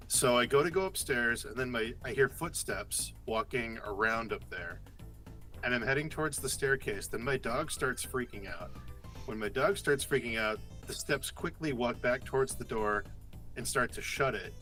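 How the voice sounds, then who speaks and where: A man co-hosting a casual chat, telling a story in an animated way and swearing freely. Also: medium pitch, moderate pace, faint music behind. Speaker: podcast co-host.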